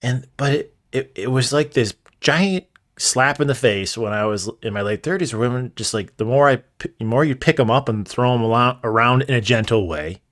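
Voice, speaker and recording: A man's voice: mid-range voice, fairly quick, a bit bright. A man in his forties hosting a podcast interview, casual and reflective, laughing easily. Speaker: podcast host.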